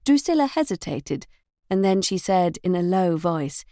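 A woman narrating a period romance novel as an audiobook reader, in measured storytelling. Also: fairly low pitch, sing-song, dark tone, no echo, clean studio sound. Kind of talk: scripted narration.

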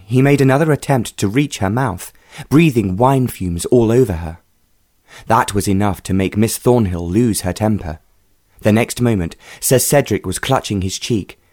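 Brief: male audiobook narrator, measured and even, dry close recording. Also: lowish voice, no room sound.

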